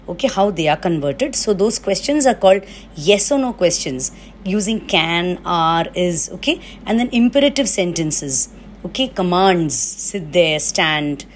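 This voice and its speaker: A woman's voice: medium pitch, a little hiss or hum. A woman teacher giving a recorded grammar lesson, explaining patiently and checking in often with "okay?".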